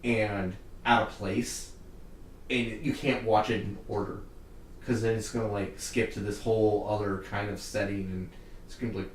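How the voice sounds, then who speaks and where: A man's voice: on the low side, fairly even intonation, moderate pace, recorded from a distance. A young man hosting a casual podcast chat, ranting heatedly and with lots of swearing. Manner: heated, profane ranting with laughs. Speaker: podcast host. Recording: roomy echo, off-mic, faint hiss.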